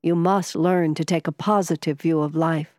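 A serene, wise male doctor speaks calmly and reassuringly, as a woman reads him aloud. Her voice stays low and close to the mic. A long reverb tail lingers behind it. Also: moderate pace, close to an everyday voice. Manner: calm, gently reassuring.

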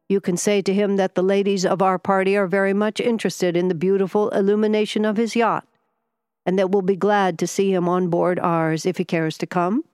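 A woman's voice: medium pitch, darkish tone, clean tone, dry recording, studio quality, natural voice. A woman voicing a commanding, aloof older man who gives firm orders, in a storybook reading.

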